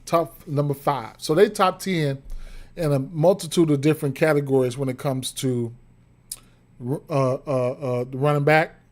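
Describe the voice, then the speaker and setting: Man, slightly high voice, casual betting stream talk, rambling, repeats himself, hiccups. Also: fairly even intonation, moderate pace. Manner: rambling, repeats words, frequent fillers and "right?". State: has the hiccups. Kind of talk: casual livestream betting analysis.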